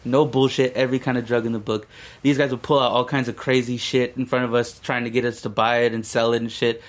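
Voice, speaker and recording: A man's voice: medium pitch, flat delivery, quick pace. A young man co-hosting a podcast, telling a rambling story in casual, profane talk. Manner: profane, rambling, laid-back. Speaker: podcast co-host.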